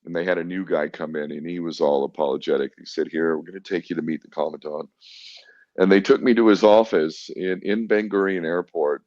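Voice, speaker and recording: Middle-aged man, podcast guest, low and gruff, swearing freely, lo-fi and dry. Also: fairly quick, darkish tone, no echo. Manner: blunt, profane, defiant, acts out quoted exchanges. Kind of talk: candid storytelling interview. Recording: dull lo-fi dry sound.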